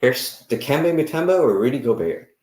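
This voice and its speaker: A young man co-hosting a casual sports podcast, energetic and running the segments. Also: mid-range voice, normal speed. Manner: energetic, runs the segments, lets out loud whoops. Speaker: podcast co-host. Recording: echoey room.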